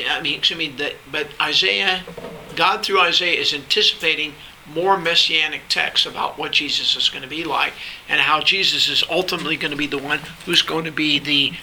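A man's voice: on the high side, moderate pace, sharp tone, slight background noise, low-quality recording. A man teaching a Bible class, reading scripture aloud and then explaining it in loose asides, often checking in with the class. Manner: checks in with the class by asking "all right?".

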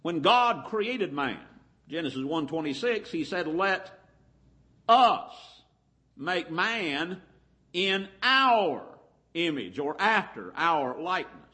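A man preaching a Bible lesson, reading scripture and quoting at length, slowing down to stress key words. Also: fairly high pitch, very animated, bright, forceful tone. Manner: deliberate, stretches key words slowly.

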